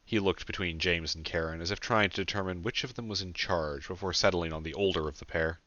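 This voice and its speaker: Low-voiced man narrating an audiobook. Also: brisk, few pauses, pushed and bright, no room sound, lo-fi sound. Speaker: author and narrator.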